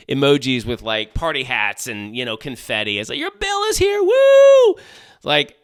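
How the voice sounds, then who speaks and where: Close on the mic with a clean, echo-free sound, a middle-aged podcast host chats casually on his solo show. He speaks at a medium pitch with a sharp tone, full of jokey asides and restarts.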